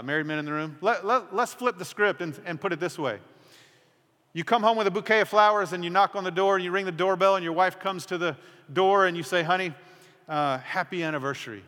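Earnest pastor preaching in a reverberant church. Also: male voice, fairly high pitch. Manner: earnest, dramatic drops to a hushed voice. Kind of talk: sermon. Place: church sanctuary. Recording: long hall reverb.

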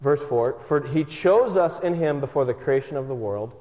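A man's voice: medium pitch, moderate pace. Preacher man in a big echoing hall. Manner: conversational, animated storytelling with self-deprecating humor. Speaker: pastor. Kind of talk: sermon. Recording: muffled sound from a reverberant hall.

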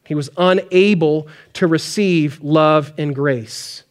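A pastor preaching a conversational sermon, acting out pleading prayers. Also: male voice, a little high, slow pace.

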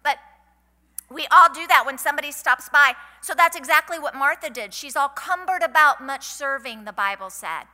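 Middle-aged woman, folksy sermon, bright higher voice, reverberant hall. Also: moderate pace. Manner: chatty, folksy, asks the audience questions. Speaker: conference speaker. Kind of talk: women's conference sermon. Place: large hall. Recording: hall reverb from a live event.

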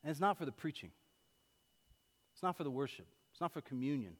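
Male pastor, sermon delivery, higher voice, lively and then hushed, big reverberant sanctuary. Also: fairly quick. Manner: lively storytelling, swings from loud to hushed. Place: church sanctuary. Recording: long hall reverb.

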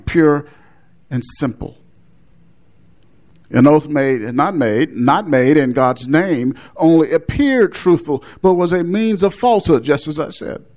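A man's voice: on the high side, a little mellow. A man preaching an expository sermon, explaining a Bible passage with frequent restarts and short laughs.

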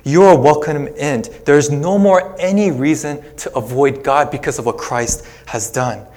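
A pastor, a man, preaching a sermon in a relaxed, conversational way, retelling a scripture story with casual asides. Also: fairly high pitch, normal speed.

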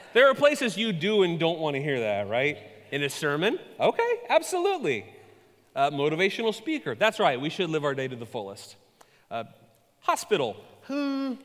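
A man preaching a sermon, telling stories with animated, self-mocking humor. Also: fairly high pitch, long reverb tail. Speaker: pastor.

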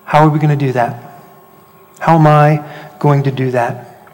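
A man preaching a sermon as pastor, animated, swinging between loud rhetorical questions and hushed emphasis. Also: a little high, normal speed. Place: church hall. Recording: long hall reverb.

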